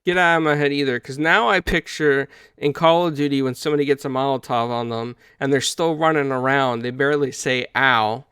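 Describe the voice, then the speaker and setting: A man's voice: mid-range voice, steady tone, a little fast, hardly any pauses, a bit bright, clean tone, dry recording, studio quality. A man hosting a casual interview, enthusiastic and a little rambling. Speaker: host.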